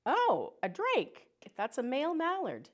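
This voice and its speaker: A woman's voice: sits high, wildly swooping pitch, measured pace. A woman teacher hosting a children's educational show, talking cheerfully to young viewers. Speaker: teacher and host.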